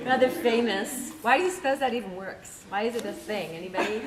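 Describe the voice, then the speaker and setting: A woman voice teacher on a convention panel, leading vocal warm-ups in a playful, animated way and laughing often. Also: on the high side, fairly quick, far from the mic. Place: large convention hall with audience. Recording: echoey hall, loud crowd.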